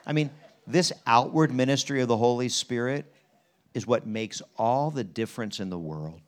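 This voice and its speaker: A guest preacher from Pennsylvania speaks at a church conference in a medium-pitched voice at normal speed. He tells a story in a folksy, animated way, swinging between quiet and loud with folksy asides, then leads the room in prayer and asks listeners questions.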